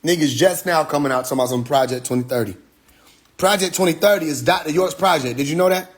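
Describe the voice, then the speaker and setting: Speaking quickly in a slightly high voice, a livestream host delivers a preachy Instagram Live monologue packed with rhetorical questions and profanity.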